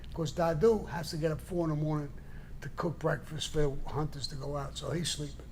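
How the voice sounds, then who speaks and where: An older man tells his stories bluntly and salts them with swearing. His voice sits a little high for a man and has a gravelly rasp. Faint room noise runs underneath. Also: steady tone, a little fast, darkish tone. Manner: blunt, profane, acts out the people in his stories. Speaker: show guest storyteller. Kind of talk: casual storytelling.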